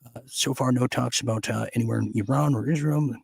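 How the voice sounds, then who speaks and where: Husky-voiced sarcastic male news host. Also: mid-range voice, brisk, a little mellow, dry recording. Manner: sarcastic, ranting asides between read headlines. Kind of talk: opinionated news commentary.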